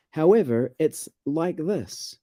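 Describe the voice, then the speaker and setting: A man, chatting casually about language and reading passages aloud with halting restarts. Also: a little high, expressive, mellow, dry recording.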